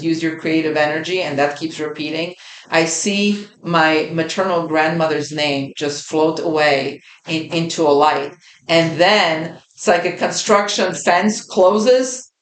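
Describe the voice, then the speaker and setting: A woman host recounting a personal experience in an earnest, vivid way, repeating phrases for emphasis. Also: deep voice. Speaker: podcast host. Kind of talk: personal storytelling. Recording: roomy echo.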